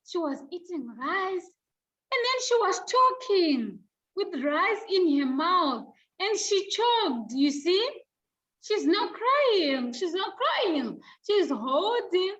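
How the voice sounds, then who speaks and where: A woman teacher giving an online class over a video call, slowly repeating each point for young pupils. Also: sits high, lo-fi sound.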